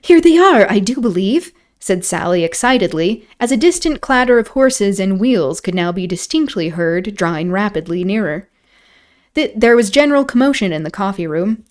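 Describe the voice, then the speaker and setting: A woman's voice: mid-range voice, normal speed, clean tone. A woman streamer reading a novel aloud, breaking off into wry, mocking asides.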